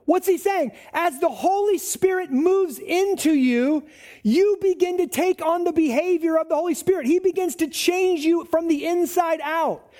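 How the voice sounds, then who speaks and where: Male pastor mid-sermon, mellow voice, casual and emphatic by turns. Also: normal speed. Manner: conversational preaching, swinging from raised emphatic lines to low asides.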